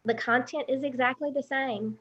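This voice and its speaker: Southern female guest, Alabama accent, fairly high voice, chatty with fillers, muffled lo-fi call audio. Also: steady tone, normal speed, fairly bright tone. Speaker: guest, content manager. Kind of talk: casual interview chat.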